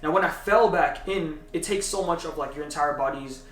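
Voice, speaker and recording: A young man telling a story in casual chat, animated and tagging his lines with "right?". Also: a little high, brisk. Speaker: vlogger. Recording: echoey room, mic at a distance.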